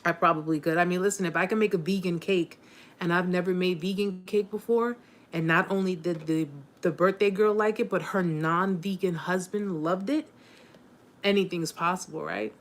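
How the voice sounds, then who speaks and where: A woman hosting a casual live chat with viewers, warm and encouraging, rambling with many fillers and restarts, openly emotional. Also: lowish voice, steady tone, moderate pace.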